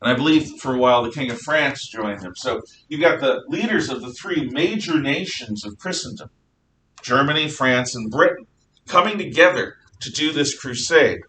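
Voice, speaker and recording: A man teaching history in a bright, forceful voice, chatty and jokey, wandering into asides. He is heard from a distance in an echoey classroom with a faint rumble underneath. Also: animated, normal speed. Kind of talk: classroom lecture.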